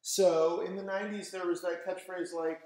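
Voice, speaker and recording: A man's voice: sits high, flat delivery, moderate pace, darkish tone. A man casually telling a funny story to camera, rambling with many fillers and often laughing. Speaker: vlogger.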